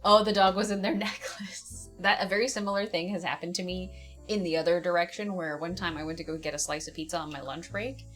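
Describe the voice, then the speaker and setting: A woman's voice: fairly low pitch, steady tone, a little fast, fairly bright tone, soft background music. Woman telling a story, laughing a lot. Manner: laughs often at herself, rambling. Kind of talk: casual storytelling chat.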